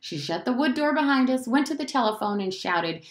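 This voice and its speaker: A woman teacher reading a novel aloud to her class, in an expressive storytelling manner. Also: fairly high pitch, fairly quick, echoey room.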